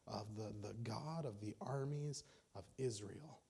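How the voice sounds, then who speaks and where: Husky, mellow man preaching casually. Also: lowish voice, moderate pace. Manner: casual storytelling preaching with many restarts. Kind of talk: sermon.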